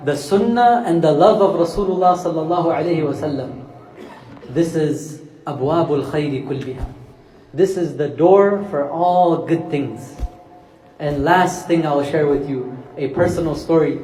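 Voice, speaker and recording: A man's voice: fairly high pitch, warm tone, echoey room, a little hiss or hum, poor audio. A young man giving a Ramadan sermon as a mufti, telling stories to his listeners and mixing in Arabic phrases. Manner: addresses respected listeners, mixes Arabic phrases. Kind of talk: sermon with storytelling. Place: mosque.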